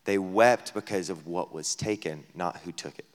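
A man preaching a sermon as a pastor at a camp gathering, talking conversationally with many rhetorical questions, dropping to a hush and then rising loud. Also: low voice, normal speed. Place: camp meeting hall. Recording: long hall reverb.

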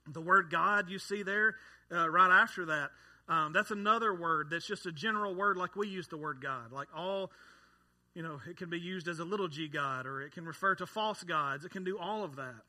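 A man's voice: sits high, moderate pace, pushed and bright. A man in his thirties preaching a sermon to a congregation, conversational, with joking asides. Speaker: pastor.

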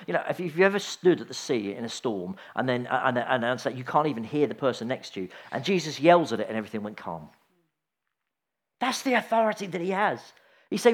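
A man's voice: fairly high pitch, big pitch swings, quick pace, fairly bright tone. A middle-aged man giving an informal sermon, chatty and anecdotal, with frequent restarts and asides. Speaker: preacher.

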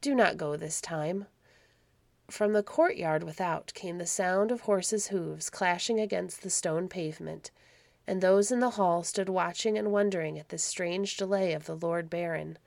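A woman reading a classic story aloud in a calm, measured storybook narration. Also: lowish voice, vocal fry, dry recording. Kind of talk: scripted narration.

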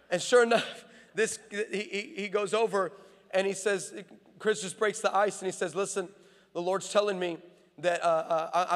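A man preaching a sermon, telling stories and building to fervent, repeated calls. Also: sits high. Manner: builds to impassioned shouting, rhythmic repetition. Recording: long hall reverb.

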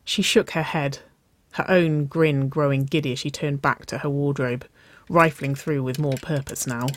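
A narrator reading a story aloud in a soft, even storytelling voice. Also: mid-range voice, no room sound. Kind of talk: audiobook reading of fan fiction.

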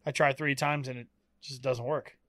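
A man's voice: medium pitch, steady tone, moderate pace, a bit bright, no room sound. A young man co-hosting a podcast, chatting casually, laughing often and getting worked up when he rants. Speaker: podcast co-host. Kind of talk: casual chat.

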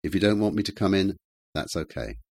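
A man voicing a quiet, determined man speaking firmly in an audiobook reading. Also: deep voice, very animated, a little fast, no echo, full character voice. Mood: calm. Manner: quiet, firm. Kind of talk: audiobook character voice.

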